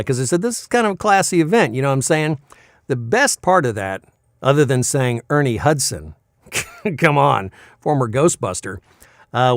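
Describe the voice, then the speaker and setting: A man's voice: mid-range voice, no echo, studio quality. A male voice actor chatting casually in a vlog, rambling and self-deprecating as he tells stories from his work.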